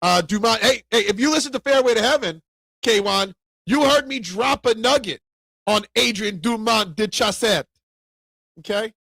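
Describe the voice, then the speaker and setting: A man hosting a casual sports talk show, opinionated and animated, raising his voice when he rants. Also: high-pitched, gravelly, no room sound. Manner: opinionated, animated, gets loud when ranting.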